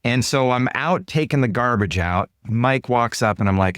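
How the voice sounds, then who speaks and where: A man, a guest author and consultant, explaining ideas in an interview with lively stories. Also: medium pitch, normal speed, hardly any pauses, smooth, no room sound, clean studio sound. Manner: animated, acts out dialogue in quoted voices. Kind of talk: storytelling interview answers.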